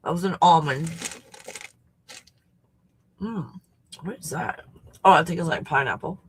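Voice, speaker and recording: A woman's voice: sits low, unhurried, a little hiss or hum. A woman hosting a casual livestream chat, snacking, reacting to viewer comments and swearing freely. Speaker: host.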